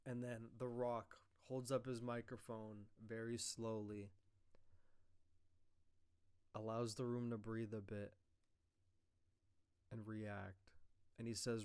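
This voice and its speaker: A man's voice: lowish voice, takes it slowly, long pauses, smooth. A man casually recapping a wrestling show, rambling, swearing and acting out quoted lines. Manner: rambling, profane, animated retelling with quoted lines.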